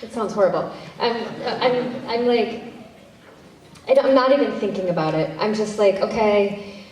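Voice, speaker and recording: A woman's voice: mid-range voice, moderate pace, darkish tone. A woman, an actress and director, answering fan questions at a convention panel in a chatty, self-interrupting way with easy laughs. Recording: echoey hall from far off, faint noise.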